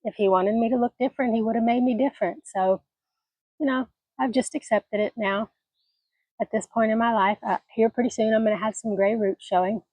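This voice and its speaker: A woman's voice: a little high, fairly even intonation, fairly quick, darkish tone, no echo. Retired woman, 60s, a homestead vlogger: rambling, folksy chatter into a phone outdoors, slightly scratchy voice, dry close sound. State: scratchy voice from allergies. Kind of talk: casual vlog chat. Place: outdoors on a mountain homestead porch and garden. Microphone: phone camera.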